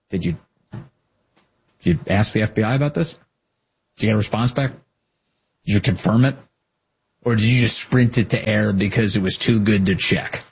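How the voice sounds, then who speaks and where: A man's voice: lowish voice, moderate pace, long pauses, slightly rough, dull audio. A man hosting a political commentary show, talking sarcastically and mocking people with put-on voices.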